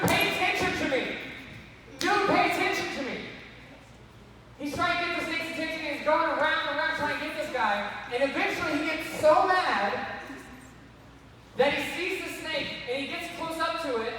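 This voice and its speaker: A man preaching to kids, animated and repeatedly calling them to listen. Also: extremely high pitch. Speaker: youth speaker. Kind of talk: sermon to kids. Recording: echoey hall from far off, faint noise.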